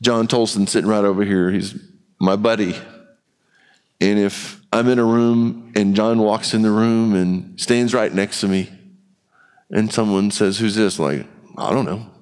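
A man's voice: fairly low pitch, fairly even intonation, measured pace, darkish tone, clean tone. A man preaching a sermon in a church, talking candidly and conversationally. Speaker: pastor. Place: church sanctuary. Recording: long hall reverb.

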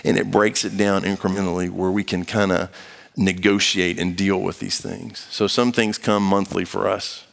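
Deep and nearly flat in pitch, a pastor's voice moves at normal speed with vocal fry, echoing as if in a big room. Preaching and reading scripture aloud, he talks to the congregation emphatically and conversationally, adding playful, acted-out asides.

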